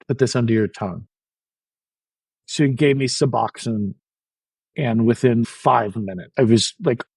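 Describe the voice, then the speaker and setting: A man's voice: mid-range voice, darkish tone, no echo, poor audio. A middle-aged man telling his own story as a podcast guest, frank and self-deprecating, with frequent restarts. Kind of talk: candid personal storytelling.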